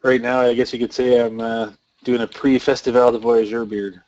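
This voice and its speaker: A man's voice: medium pitch, level tone, normal speed, a little mellow, lo-fi sound. A young Canadian man hosting a casual livestream chat, laid-back and chatty, often trailing off. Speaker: host.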